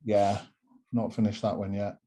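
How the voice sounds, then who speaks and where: A man's voice: fairly low pitch, flat delivery, normal speed, mellow. A man with a Southwest English accent co-hosting a casual chat, dry and understated as he shows his stitching. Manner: dry, understated, tired after a workday. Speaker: co-host.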